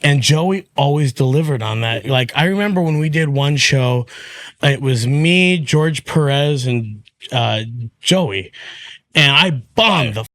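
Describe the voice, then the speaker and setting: A man's voice: medium pitch, measured pace, dry recording. A man, a stand-up comedian guesting on a podcast, telling stories in casual chat and acting out what other people said, swearing freely. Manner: animated, acts out quotes of others, swears freely.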